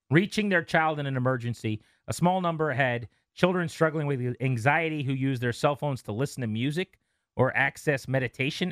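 A man's voice: mid-range voice, no echo, studio quality. Man reading stories on radio chat. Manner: relaxed, reads stories aloud with asides. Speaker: radio host.

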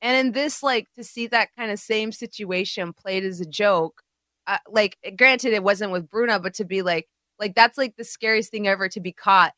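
A woman co-hosts a casual podcast chat with a bright, forceful voice. She talks in a candid, profane and animated way and acts out scenes as she tells them. The sound is close and dry. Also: medium pitch, normal speed, no room sound. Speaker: podcast co-host.

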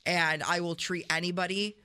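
A woman's voice: on the low side, moderate pace, clear, resonant tone. A woman co-hosting a morning radio show, telling a story in casual banter and acting out the voices of the people in it. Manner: chatty, animated storyteller acting out quotes. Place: radio studio. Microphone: studio microphone.

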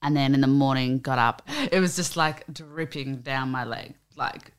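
A woman's voice: a bass voice, steady tone, moderate pace, smooth. A young woman co-hosting a podcast, chatting frankly and laughing often. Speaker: podcast co-host. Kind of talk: casual chat.

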